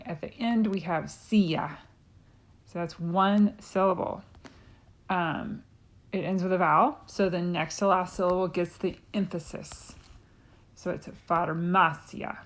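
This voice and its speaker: A woman, a Spanish teacher, patiently explaining a lesson with frequent ums. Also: lowish voice. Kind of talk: recorded classroom lesson.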